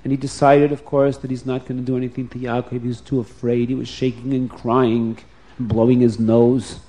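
A man's voice: mid-range voice, level tone, brisk, warm tone. A man narrating a story to children, speaking expressively and addressing them directly.

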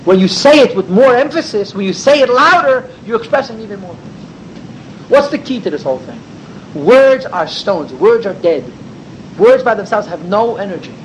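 A man's voice: normal speed, a little hiss or hum, rough recording. A man teaching a Torah class, asking rhetorical questions and swinging his voice up and down for emphasis. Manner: animated, rhetorical questions, sweeping pitch for emphasis.

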